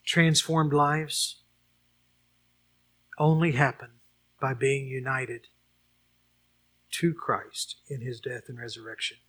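A man's voice: medium pitch, steady tone, takes it slowly, pauses often, a bit bright, breathy edge. A man preaching a sermon and leading a closing prayer, earnest and building to emphatic repeated questions. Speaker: pastor.

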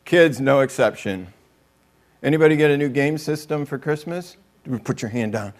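His sermon is conversational and full of jokes, with quotes performed in other voices. He speaks at a normal speed with a fairly high-pitched voice.

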